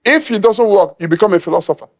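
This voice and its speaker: A man's voice: sits high, quick pace. A middle-aged man from Nigeria preaching an emphatic sermon, acting out quoted voices and laughing at his own points. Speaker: apostle preaching.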